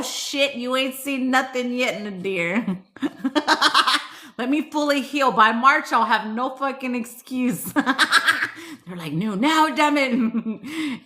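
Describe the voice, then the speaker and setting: A woman's voice: medium pitch, fairly bright tone. A woman hosting a casual livestream, reading chat and giggling often, switching between English and Spanish in a playful, teasing way.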